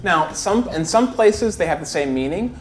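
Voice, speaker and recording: A man with an American accent, co-hosting and answering viewer questions about English in a relaxed, easygoing way. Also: sits high, normal speed, noisy background. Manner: relaxed, easygoing explanations with frequent laughs. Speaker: English teacher, co-host. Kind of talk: casual teaching chat answering viewer questions. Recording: echoey studio with music behind.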